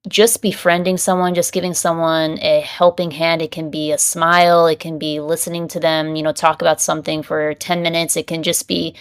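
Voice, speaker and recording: A woman's voice: sits low, little pitch movement, brisk, few pauses, clear, resonant tone. A woman hosting a podcast, asking earnest, encouraging questions. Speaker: podcast host. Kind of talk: interview conversation.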